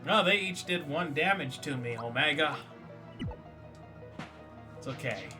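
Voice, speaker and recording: A man's voice: fairly high pitch, animated, measured pace, over music. A man casually commentating a game on a live stream, joking and teasing a viewer.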